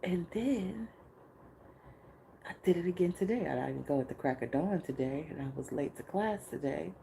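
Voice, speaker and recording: A woman's voice: lowish voice, expressive, moderate pace, gravelly, warm tone, slight background noise, low-quality recording. A woman hosting a podcast, speaking candidly in a casual spiritual monologue, laughing often and swearing freely. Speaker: podcast host.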